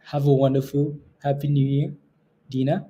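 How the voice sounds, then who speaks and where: Relaxed mellow-voiced livestream host. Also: male voice, mid-range voice, normal speed. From Canada. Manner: relaxed, laughs often, repeats phrases. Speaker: day trading livestream host. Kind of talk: casual livestream chat reading viewer comments.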